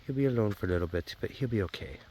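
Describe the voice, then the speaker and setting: A man's voice: lowish voice, lively intonation, very fast, mellow, slight background noise. A man hosting a casual farm vlog outdoors. He talks fondly and playfully to his dogs in a coaxing sing-song. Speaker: vlog host. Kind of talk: casual chat.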